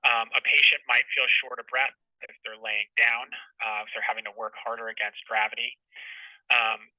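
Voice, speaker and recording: Man lecturing, very bright sharp tone. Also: medium pitch, no echo, recorded from a distance, rough recording. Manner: patient, explanatory teaching tone. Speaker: clinician lecturer. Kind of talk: medical webinar lecture.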